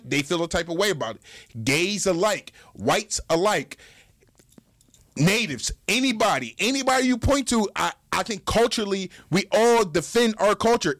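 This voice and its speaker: A man's voice: high voice, fairly bright tone. A man co-hosting a podcast, talking over others, repeating his phrases and swearing in a heated debate.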